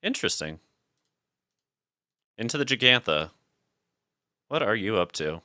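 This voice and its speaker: Low-voiced guy with a sharp bright tone, laid-back gamer chat, dry close mic. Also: very animated, measured pace, dry recording. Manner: laid-back, chatty, laughs often, thinks aloud. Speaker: streamer playing a card game. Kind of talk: casual gaming chat.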